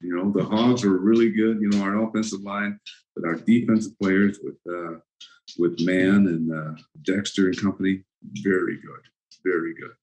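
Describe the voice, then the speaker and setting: A man's voice: deep voice, fairly even intonation, normal speed, darkish tone, low-quality recording. A man in his sixties, a former football player, telling stories as a guest in a casual interview, laughing often and acting out his anecdotes.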